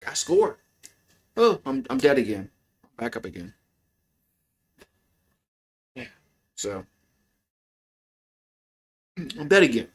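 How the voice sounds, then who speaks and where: A man hosting live fan play-by-play commentary, excitable and profane, swinging from grumbling asides to shouted calls on big plays. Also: medium pitch, slow pace, pauses often.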